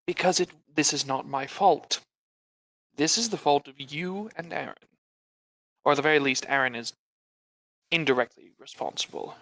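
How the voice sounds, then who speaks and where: A man's voice: fairly high pitch, moderate pace, pauses often, a bit bright, poor audio. A man voicing a curt, formal male spellcaster in a live tabletop role-play, speaking in stiff, clipped phrasing. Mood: indignant.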